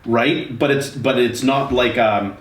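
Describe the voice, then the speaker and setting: A man's voice: medium pitch, steady tone, slow pace. Reflective male podcast host. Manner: reflective, explains ideas step by step. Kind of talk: casual conversation. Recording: roomy, distant mic with faint background noise.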